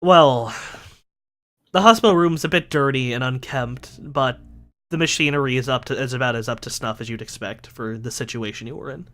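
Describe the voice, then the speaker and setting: A man's voice: medium pitch, normal speed, fairly bright tone, slight background noise. A man running a tabletop role-playing session, narrating scenes casually and joking with his players. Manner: casual, joking, swears freely. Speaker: game master.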